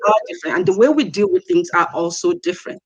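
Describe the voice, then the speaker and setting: A woman's voice: fairly low pitch, expressive, quick pace, husky, highs cut off. A woman, a guest speaker telling personal stories in an interview, earnest and emphatic, repeating her key points. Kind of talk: personal storytelling in a live-stream interview.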